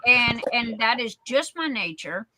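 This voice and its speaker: A woman's voice: on the high side, animated, a little slow, noisy background. A woman in casual chat telling a personal story, blunt and salty, rambling with many fillers and restarts.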